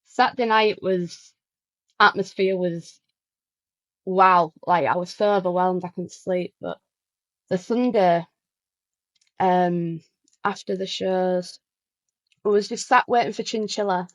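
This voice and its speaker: A woman's voice: fairly low pitch, steady tone, slow pace, pauses often, fairly bright tone, dry recording, poor audio. Woman, guest musician, casual talker. Dry, close voice, rambling story with restarts. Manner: chatty, full of "like" and restarts.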